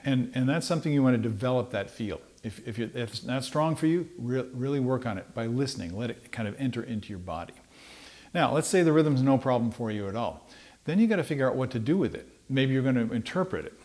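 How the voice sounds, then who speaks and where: A man with a mid-range voice gives a trumpet lesson in an unhurried, conversational tone. He explains musical ideas informally, often pausing with fillers and restarting his sentences. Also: medium pitch, animated, a little mellow. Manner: sings rhythms on syllables to demonstrate. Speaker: trumpet teacher. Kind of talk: relaxed instructional talk.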